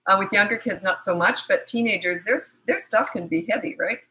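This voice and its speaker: Bright-voiced blunt Canadian woman coach. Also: mid-range voice, a little fast, low-quality recording. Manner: chatty, blunt, matter-of-fact. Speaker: parenting coach. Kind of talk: casual livestream Q&A.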